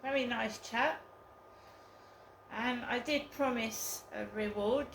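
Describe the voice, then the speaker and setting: Slow, hesitant woman vlogging. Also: a little high, fairly bright tone, roomy sound, a little hiss or hum, low-quality recording. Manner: slow, hesitant, with many ums. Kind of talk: casual vlog storytelling.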